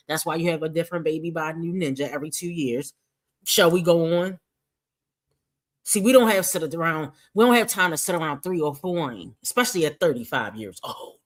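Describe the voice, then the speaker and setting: Blunt, sassy woman commentator. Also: sits low. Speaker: reaction commentator. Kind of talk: mocking commentary.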